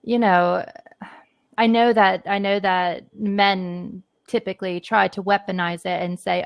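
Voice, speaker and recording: Gravelly earnest woman guest. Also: mid-range voice, fairly even intonation, measured pace, dry recording. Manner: earnest, reassuring, filler-heavy. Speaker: guest, podcaster. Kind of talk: casual panel conversation.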